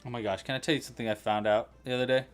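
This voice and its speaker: Soft music plays behind a crochet livestream host whose medium-pitched voice is clear, resonant, fairly even, and racing. Leading a casual tutorial, he chats with viewers, reacts to chat, and counts stitches under his breath.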